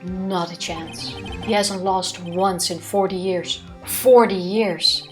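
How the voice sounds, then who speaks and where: A woman's voice: on the low side, flat delivery, takes it slowly. Edgeworth, a proud prosecutor, read by a woman. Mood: stern. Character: cold proud male prosecutor. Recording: game music behind.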